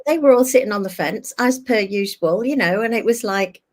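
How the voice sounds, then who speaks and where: A woman's voice: mid-range voice, a little fast. Older lady on a video call, spilling a personal story, jumps into little acted-out voices of her own thoughts. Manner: animated, acts out her own past thoughts in quoted asides. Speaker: guest.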